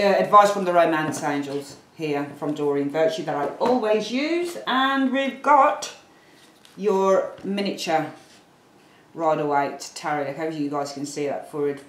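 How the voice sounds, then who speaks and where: A woman with a Birmingham accent talks viewers through a tarot spread in a rambling, friendly way, full of asides and apologies. Her voice sits on the low side. The room is echoey, with a faint noise underneath. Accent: Birmingham English. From Birmingham, England. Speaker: tarot reader. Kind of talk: casual tarot reading to camera. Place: room at home, at a table.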